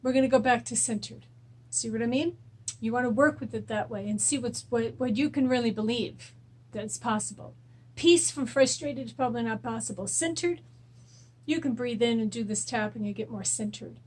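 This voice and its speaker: A woman's voice: fairly high pitch, normal speed, slightly rough. A woman hosting a weekly self-help show, guiding listeners through a tapping exercise with repeated affirmations. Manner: repetitive affirmations, gentle coaching. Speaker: host and rapid eye technician.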